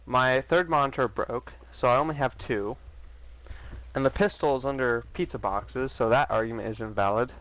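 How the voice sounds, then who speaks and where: A man's voice: medium pitch, moderate pace, a bit bright, rough recording. A man trolling in a voice chat argument, teasing in a mock-solemn, preachy manner. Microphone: voice chat microphone.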